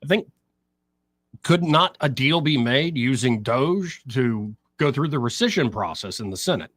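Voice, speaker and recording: A man's voice: medium pitch, measured pace, no echo. A man hosting talk radio, explaining politics and mimicking what others say. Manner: explanatory, quotes others in an animated voice. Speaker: radio talk show host.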